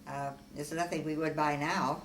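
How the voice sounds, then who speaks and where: An older woman from Omaha, Nebraska, unhurriedly recounting her life story in an oral history interview, with frequent fillers and soft laughs. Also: deep voice, flat delivery, moderate pace. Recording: echoey room, far from mic, faint hiss.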